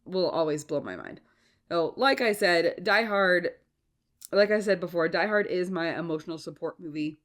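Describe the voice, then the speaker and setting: A woman hosting a casual solo podcast while sick with a cough and sore throat, chatty and stumbling over her words. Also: on the low side. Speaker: podcast host.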